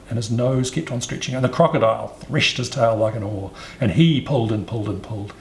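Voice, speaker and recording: A man reading a storybook aloud in an expressive, sing-song storyteller's manner. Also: mid-range voice, vocal fry, slight background noise. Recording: roomy echo, faint ambience.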